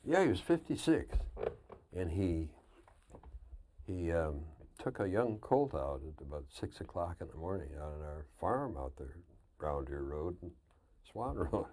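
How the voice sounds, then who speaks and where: An older man telling lively anecdotes as a guest on a 1999 television interview, often laughing at his own stories. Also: deep voice, unhurried. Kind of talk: casual storytelling.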